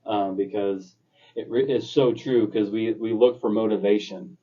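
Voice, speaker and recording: A man's voice: lowish voice, fairly even intonation, normal speed, warm tone, distant mic, highs cut off. A man and podcast co-host, talking earnestly and reflectively in long run-on thoughts. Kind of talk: casual chat.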